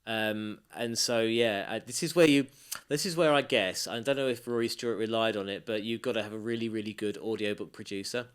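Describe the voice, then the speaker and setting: A man's voice: on the low side, fairly quick, clean tone. A man co-hosting an audiobook review podcast, chatting casually in a rambling, enthusiastic way. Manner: rambling, enthusiastic, many restarts. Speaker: podcast co-host. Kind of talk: casual chat.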